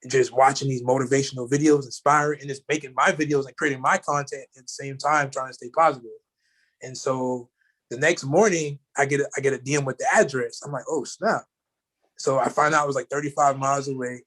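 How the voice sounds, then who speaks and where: A man's voice: mid-range voice, fairly even intonation, a little fast, fairly bright tone. Rambling young man telling a story. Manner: rambling, many fillers like "you know" and "like". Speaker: guest. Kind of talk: casual storytelling.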